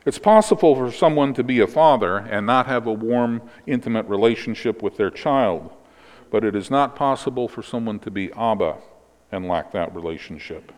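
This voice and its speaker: A man preaching, calmly explaining scripture and closing in prayer. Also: fairly low pitch, normal speed, big-room sound. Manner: explanatory teaching, ends in prayer. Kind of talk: sermon.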